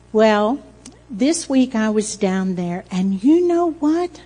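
A woman's voice: mid-range voice, animated, slow pace, big-room sound. An older woman, a grandmother, sharing a personal testimony with a congregation, emotional and close to tears as she speaks to her granddaughter. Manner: emotional, warm storytelling, addressing her granddaughter. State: tearful. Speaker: church speaker.

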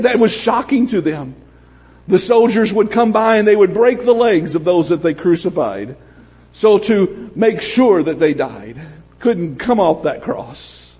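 A pastor with a high, husky voice preaches in a church sanctuary. His delivery swings from shouted exclamations to hushed storytelling. The sound has a long hall reverb trailing behind every phrase. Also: very animated, measured pace. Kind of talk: sermon.

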